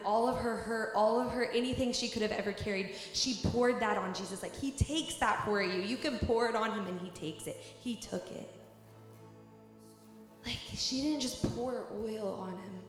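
Woman exhorting in a very echoey hall. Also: fairly high pitch. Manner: repetitive, filler-heavy with "like". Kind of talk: exhortation during worship. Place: church worship hall. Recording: very echoey hall with soft music.

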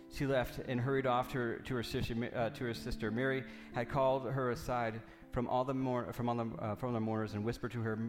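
In a large hall, a man with a mid-range voice reads scripture and then preaches, his fervor rising as he repeats lines and builds to impassioned repeated questions.

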